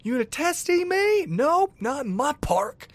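A man putting on a brash, taunting voice of a guy at a dog park, much higher than his own. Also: sing-song, measured pace, no echo, exaggerated voice. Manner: taunting, jokey.

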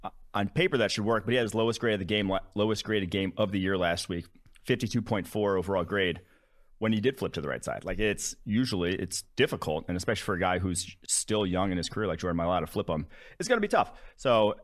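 A young man from Wisconsin, USA, with a low, expressive voice co-hosts a football podcast as an analyst. His talk is quick and loose, full of fillers and restarts.

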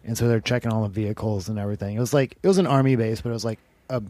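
Racing along in a fairly low, warm voice with no echo, a man spins a long, rambling story in casual conversation, peppering it heavily with "like" and swearing.

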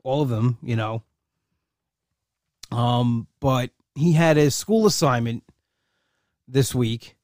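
A man's voice: medium pitch, slow, pauses often, a little mellow, no room sound, clean studio sound. A man in a casual personal monologue, rambling with many fillers and restarts, heartfelt and proud. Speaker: uncle and godfather.

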